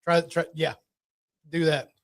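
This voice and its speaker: A man with a high voice co-hosting a laid-back sports show. He talks in a blunt drawl and gives his opinions plainly. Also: fairly even intonation, a little slow, vocal fry. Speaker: podcast co-host. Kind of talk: casual sports show chat.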